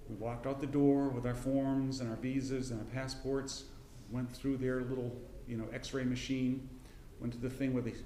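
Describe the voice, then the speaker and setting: A middle-aged man teaching a casual Bible class, folksy and rambling, with frequent restarts and throat clearing. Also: mid-range voice, dark tone, roomy sound, slight background noise. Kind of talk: casual Bible lesson with personal story. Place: church classroom.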